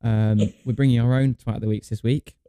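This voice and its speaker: Young man, chatty and dark-voiced. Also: medium pitch, steady tone, brisk, clean tone, no room sound, studio quality. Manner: rambling storyteller, swears, laughs a lot. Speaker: podcast co-host. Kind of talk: casual chat.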